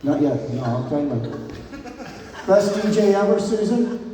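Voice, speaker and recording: The groom's longtime friend, a man in his fifties, delivers an animated wedding toast at normal speed in a high voice, wandering between jokes and sentiment while calling out cheers to the crowd. The recording is very noisy, captured by a distant mic in an echoey reception hall.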